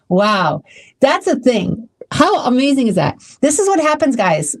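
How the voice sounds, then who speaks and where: A woman's voice: a little high, very animated, measured pace. A woman hosting her own podcast, talking casually and emotionally with many restarts. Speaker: podcast host. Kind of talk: casual solo podcast talk.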